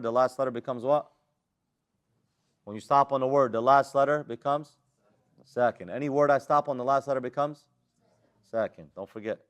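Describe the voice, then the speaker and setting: A man with an American accent teaching Quran recitation rules, drilling students with questions and recited Arabic letters. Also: medium pitch. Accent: American English. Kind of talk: live classroom lesson.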